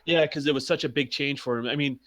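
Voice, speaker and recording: A man's voice: medium pitch, steady tone, fast, a bit bright, no echo. A man in casual podcast chat, easygoing and poking fun at himself. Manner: easygoing, self-mocking. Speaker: podcast guest.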